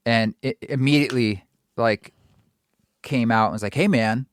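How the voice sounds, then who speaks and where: Brief: man with a smooth, resonant voice, animated co-host, dry close sound. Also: medium pitch, normal speed, no echo. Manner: lively, acts out his own reactions. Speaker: musician and co-host. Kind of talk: casual storytelling chat.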